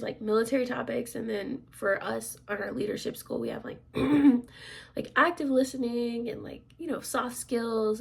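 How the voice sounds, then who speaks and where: A woman in her thirties chatting casually as a vlogger, rambling with lots of fillers, clearing her throat often and dropping to soft asides. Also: fairly high pitch. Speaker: crafts vlogger and military instructor. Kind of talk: casual chat.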